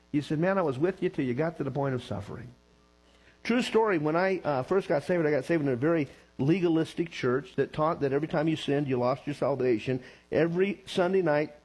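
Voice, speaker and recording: A male pastor preaching with a husky, slightly higher-than-average voice. He drops into soft, prayer-like murmurs, then climbs into loud, excited peaks. A faint mains hum runs under the recording. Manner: animated preaching, swinging from hushed prayer to excited high bursts. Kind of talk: sermon.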